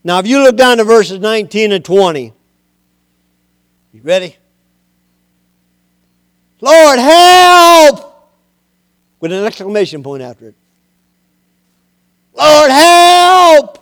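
A male preacher delivers his sermon in a smooth, resonant, fairly high voice. He is emphatic and homespun, calling on listeners to speak the words aloud. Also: a little fast, long pauses, dry recording, clean studio sound. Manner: plain-spoken, homespun.

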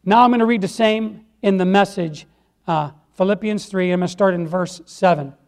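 Lay preacher, male, very high voice, folksy emphatic church delivery. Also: normal speed, smooth. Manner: folksy, emphatic, repeats phrases, asks "Amen?". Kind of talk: sermon.

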